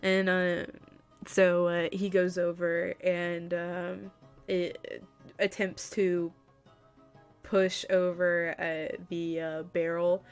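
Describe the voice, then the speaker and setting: A woman running a tabletop game as game master, narrating casually with many fillers and pauses. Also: lowish voice, level tone, clean tone, faint music behind.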